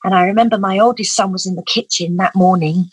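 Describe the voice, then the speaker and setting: A woman's voice: medium pitch, fairly even intonation, quick pace, breathy edge, no room sound, low-quality recording. A middle-aged woman, telling an emotional personal story as an interview guest in an earnest, vivid way. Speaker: guest, parent advocate.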